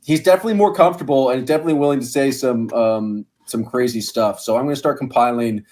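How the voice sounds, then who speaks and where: A man's voice: medium pitch, fast, darkish tone. A man hosting a casual sports podcast, chatty and upbeat, laughing easily. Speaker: podcast host.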